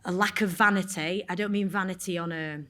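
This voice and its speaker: A woman's voice: lowish voice, steady tone, fairly quick, pushed and bright. A woman with a Yorkshire accent speaking frankly on stage at a panel Q&A, rambling and swearing casually. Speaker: actor on a panel. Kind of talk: candid Q&A talk. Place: stage at a cinema event.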